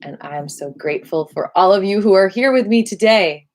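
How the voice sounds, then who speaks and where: A woman guiding a livestreamed qigong class, speaking slowly and soothingly with gentle affirmations. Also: mid-range voice, animated, slight background noise. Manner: soothing, slow, affirming guidance with sudden loud bursts. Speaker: qigong and voice teacher.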